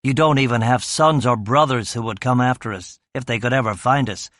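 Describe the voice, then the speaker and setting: A contemptuous American enforcer, as a male narrator puts him on, leaning on each threat. His American accent is flat and hard, the voice dry and close to the mic. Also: mid-range voice, fairly quick, dry recording, natural voice.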